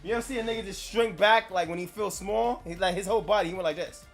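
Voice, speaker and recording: Brash trash-talking New streamer. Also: male voice, high voice, quick pace, faint music behind. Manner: brash, trash-talking, mocking, laughs at his own jokes. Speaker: live streamer. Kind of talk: ranting storytelling on a live stream.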